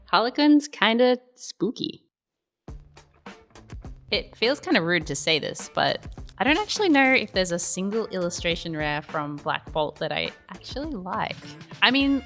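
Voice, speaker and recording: A woman's voice: on the low side, bright, forceful tone. A woman with an Australian accent, hosting a casual pack-opening video and musing about each card as she goes. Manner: chatty, musing, rates cards as she opens. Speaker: YouTube card-opening host.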